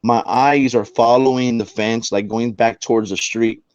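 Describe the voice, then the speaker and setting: A man's voice: mid-range voice, moderate pace, clear, resonant tone, no echo, dull audio. A man, a paranormal investigator, telling a story on a talk show, with lots of restarts. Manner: animated storyteller with many restarts.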